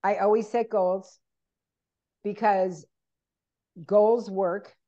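Animated storytelling woman, lo-fi sound. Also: mid-range voice, extremely slow. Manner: animated storyteller, acts out quoted people. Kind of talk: casual chat.

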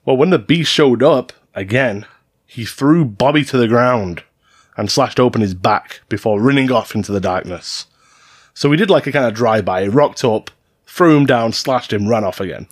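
A man's voice: medium pitch, moderate pace, no echo, studio quality. A man co-hosting a podcast, reading out stories in a casual, jokey way and swearing freely. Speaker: podcast co-host narrating stories.

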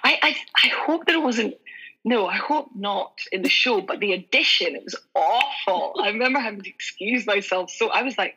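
Husky Scottish woman, chatty guest. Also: mid-range voice, animated, fairly quick, pushed and bright, dull audio. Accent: Scottish, Aberdeenshire. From Scotland. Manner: chatty, many fillers and restarts. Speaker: actress, guest. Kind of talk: casual interview chat.

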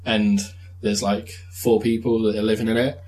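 A young man chatting casually, retelling a film with lively swearing and laughter. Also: fairly low pitch, normal speed, rough recording. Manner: animated storytelling with swearing and laughs. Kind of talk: casual chat.

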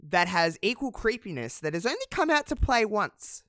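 A man telling a casual wrestling recap as a podcast co-host, animated, with lots of fillers. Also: sits high, normal speed, no room sound, clean studio sound. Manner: animated storyteller, many fillers.

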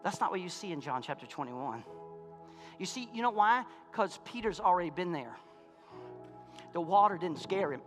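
A man pastor preaching a sermon in a church, folksy, calling out to his congregation, swinging from loud fervor to quiet intensity. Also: high-pitched, lively intonation, moderate pace, long pauses, soft background music. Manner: impassioned, rising to shouts and dropping to quiet. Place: church sanctuary.

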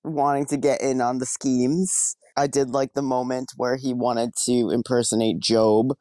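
A man's voice: medium pitch, flat delivery, unhurried, mellow, no echo. Giggly man on a podcast. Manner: giggly, laughs often. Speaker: podcast co-host. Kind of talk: casual chat.

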